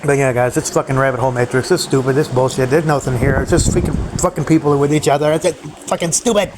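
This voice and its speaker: A man's voice: medium pitch, fairly even intonation, fast. Profane ranting man over background noise. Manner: profane, bitter ranting, repetitive. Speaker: vlogger. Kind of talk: rambling solo monologue.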